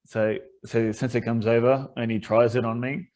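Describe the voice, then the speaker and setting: A man's voice: mid-range voice, little pitch movement, normal speed, a little mellow, soft background music. Chatty man telling a rambling story. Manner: rambling storyteller, laughs often. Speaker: podcast host. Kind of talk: casual chat.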